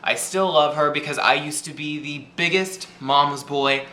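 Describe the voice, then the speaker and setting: A man's voice: a little high, normal speed, pushed and bright, roomy sound. A young man vlogging, telling a personal story to the camera in a chatty way, full of fillers. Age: young adult. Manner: chatty, lots of fillers and 'like'.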